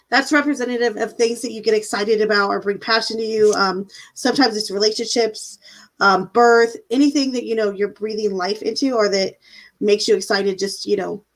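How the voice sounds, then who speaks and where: A woman's voice: on the high side, rough recording. A woman giving a live-stream tarot reading in a casual, chatty way, full of fillers and "like"s. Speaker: tarot reader.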